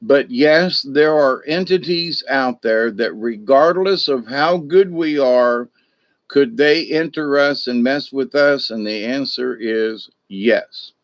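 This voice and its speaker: A man's voice: medium pitch, slow pace, no room sound. Rambling folksy man, dry close sound. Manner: rambling, repeats himself, folksy. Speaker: spiritual discussion host. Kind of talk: casual spiritual talk.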